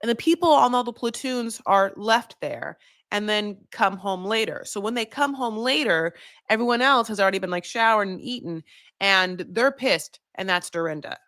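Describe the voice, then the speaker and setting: A woman's voice: medium pitch, expressive, normal speed, fairly bright tone, no echo, studio quality. A woman giving a casual, rambling recap of a reality show, full of "like" and "you know". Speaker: recap vlogger.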